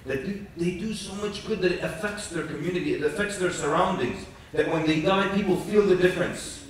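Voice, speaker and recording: A man preaching at a youth conference, telling lively stories with jokes and acting out quotes. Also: sits high, fairly quick, slight background noise. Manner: animated storytelling with jokes and acted quotes. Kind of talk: conference lecture. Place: large conference hall. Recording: echoey hall from far off.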